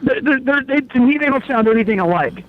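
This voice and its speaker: A man's voice: very high voice, expressive, brisk, no echo, narrow, tinny audio. A man calling in to a radio show by phone from a car, talking in an opinionated, rambling way with many restarts. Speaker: blood bank representative phoning in. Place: in a car on the road.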